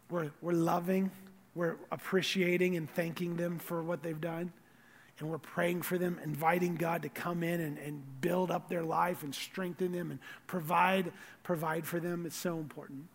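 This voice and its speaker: A man preaching a sermon as pastor, earnest, repeating words and swinging from loud stress to quiet asides. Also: high-pitched, steady tone, a little slow, big-room sound.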